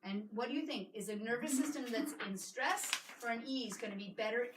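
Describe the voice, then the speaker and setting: A woman chiropractor giving a live workshop to patients, energetic and coaxing, often checking in with "right?". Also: fairly high pitch, fairly quick, background noise. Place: clinic room with a small audience. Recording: echoey room, mic at a distance.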